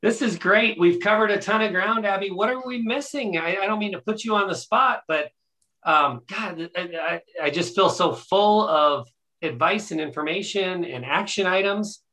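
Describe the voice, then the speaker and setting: A man's voice: high-pitched, normal speed, sharp tone, rough recording. A man hosting a podcast interview, enthusiastic, asking long rambling questions full of restarts. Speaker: podcast host. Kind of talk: casual interview talk.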